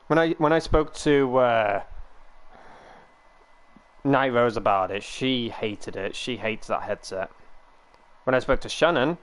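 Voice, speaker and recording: A man's voice: mid-range voice, takes it slowly, long pauses. A man, chatting casually with stream viewers on a headset and rambling with frequent chuckles. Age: 20s. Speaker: livestreamer. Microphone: gaming headset.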